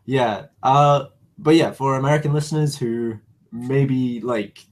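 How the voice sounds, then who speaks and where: A man's voice: medium pitch, a little slow. A man with an Australian accent in easygoing casual chat.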